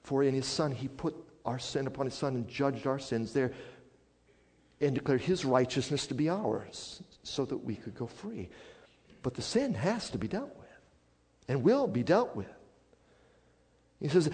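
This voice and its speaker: A man preaching a sermon as a pastor, swinging from hushed, quiet passages up to loud, emphatic declarations. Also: medium pitch, animated, unhurried, pauses often, breathy edge. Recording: long hall reverb.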